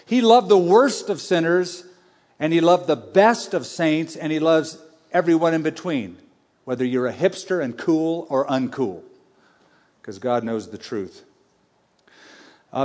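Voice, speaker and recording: Emphatic male preacher in a big hall. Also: fairly high pitch. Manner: emphatic, conversational, swings between loud and hushed. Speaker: pastor. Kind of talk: sermon. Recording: long reverb of a large hall.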